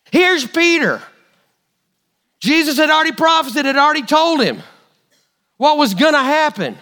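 Brief: male preacher, high and bright voice, lively delivery, animated storytelling sermon. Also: normal speed, long pauses. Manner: animated storytelling, acting out quotes.

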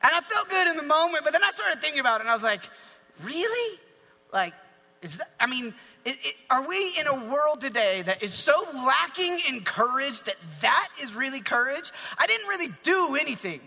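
A man delivers a sermon with animated energy, breaking into acted-out shouts. His voice sits high and sounds very bright. The sound carries a long hall reverb. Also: brisk, gravelly. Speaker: preacher.

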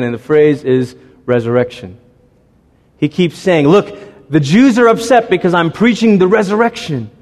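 Man, pastor, sermon, slightly high voice, animated storyteller, voices the characters, long reverb of a large hall.

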